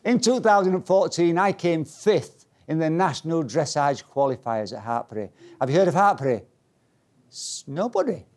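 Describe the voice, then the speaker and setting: Brief: man, stage speaker, fairly high voice, playful and self-mocking. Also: moderate pace, a little mellow. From Yorkshire, England. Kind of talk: humorous motivational talk to a live audience.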